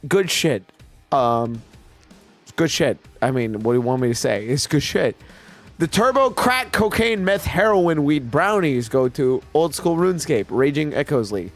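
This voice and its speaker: Man co-host, brash and profane, slightly high voice, yells in bursts; faint background music. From Washington state. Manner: profane, bursts into loud yelling. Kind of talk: casual gaming chat.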